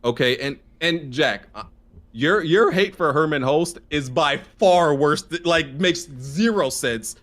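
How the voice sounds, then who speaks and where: Brief: slightly high man, lively intonation, insistent, restarts sentences often. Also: a little slow. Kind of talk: casual debate.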